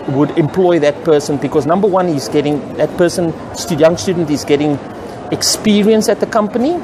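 A man who runs a computer training business gives his opinion straight to camera in a casual, earnest vlog, often repeating and restarting words as he thinks aloud. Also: on the high side. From South Africa. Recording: outdoor traffic noise clearly audible.

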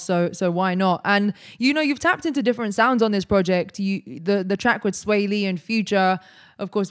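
A woman hosting a casual interview, asking lively, friendly questions and laughing easily. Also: medium pitch, clear, resonant tone. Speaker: interview host.

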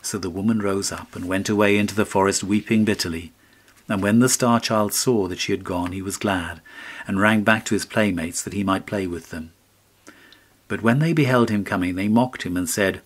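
A man narrating a classic fairy tale as an audiobook, in a measured storytelling way. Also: lowish voice.

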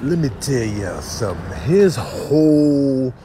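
A man's voice: medium pitch, very animated, slow, dark tone, a little hiss or hum. A man performing comic voice-overs with a playful, drawling delivery. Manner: playful, drawling, sing-song. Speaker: comedian doing voice-overs. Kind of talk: comic voice-over.

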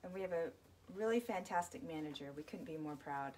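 A woman's voice: sits low, fairly quick, a little mellow, slight background noise. A woman hosting a casual live boutique sale, bubbly and chatty, a little out of breath. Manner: bubbly, chatty, apologetic asides.

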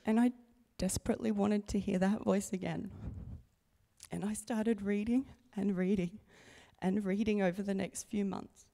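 A middle-aged woman giving an earnest, quiet personal testimony to a congregation on a handheld microphone in a church. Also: medium pitch, fairly even intonation, creaky. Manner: slow, earnest, quiet and intimate. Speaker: baptism candidate sharing testimony. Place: church sanctuary.

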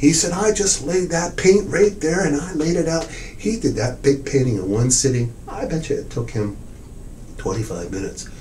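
A man's voice: on the high side, moderate pace, a little hiss or hum, low-quality recording. An older man, an art dealer, telling stories in an oral history interview, acting out quoted lines and swearing freely. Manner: animated storyteller, acts out quotes, swears.

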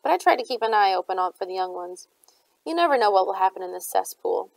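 A woman's voice: medium pitch, expressive, fast talker, gravelly, poor audio. A woman voicing a blunt, taunting female bartender in a storybook reading.

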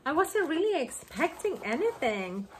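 A woman chatting excitedly on her home craft vlog, gushing over gifts she received. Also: sits high, noisy background. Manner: gushing, excited, slow-paced. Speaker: craft vlogger. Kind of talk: casual vlog chat.

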